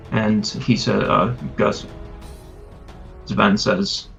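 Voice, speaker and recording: A man narrating as game master in a relaxed, filler-heavy way, in a lo-fi recording with faint music. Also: fairly low pitch, slow pace, gravelly, long pauses.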